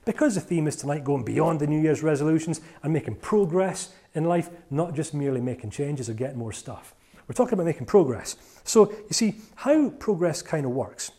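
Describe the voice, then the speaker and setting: Animated, lively-voiced male seminar speaker. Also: fairly high pitch. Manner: playful, animated, jokey with volunteers. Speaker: motivational speaker. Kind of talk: live seminar talk to an audience.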